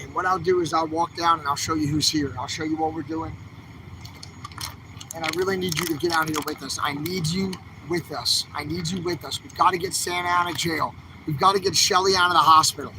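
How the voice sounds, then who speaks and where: A man's voice: a little high, pushed and bright, a little hiss or hum, poor audio. A man ranting angrily to his viewers, livestreaming from a city street outdoors. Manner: agitated, ranting, exhorting viewers. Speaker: livestreaming activist vlogger. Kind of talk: angry street vlog to camera.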